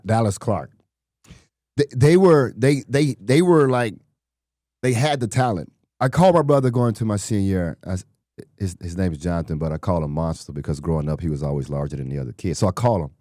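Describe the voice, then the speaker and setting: A middle-aged former football player telling stories in an interview, animated and acting out quotes from people he met. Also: low-pitched, dry recording, studio quality. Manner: animated storyteller, acts out quotes. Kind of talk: conversational interview storytelling.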